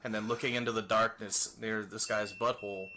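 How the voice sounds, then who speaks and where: A man's voice: fairly low pitch, flat delivery, fairly quick, bright, forceful tone, a little hiss or hum. A young man streaming, telling rambling crude stories to his chat, laughing often and trailing off. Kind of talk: rambling casual storytelling to a live chat.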